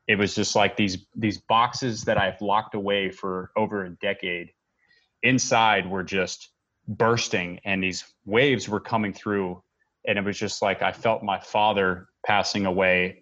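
Man, 30s, veteran telling his story; low voice, halting and earnest, dull lo-fi recording. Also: fairly bright tone. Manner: earnest, halting, with many restarts and pauses. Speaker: military veteran speaker. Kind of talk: personal testimony to an audience.

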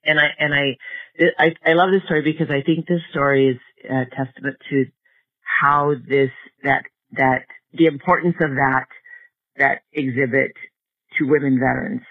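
A man being interviewed, telling a story in a halting way with many restarts and repeated words. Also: mid-range voice, steady tone. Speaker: guest, project organizer. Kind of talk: storytelling in conversation. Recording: narrow phone-like line.

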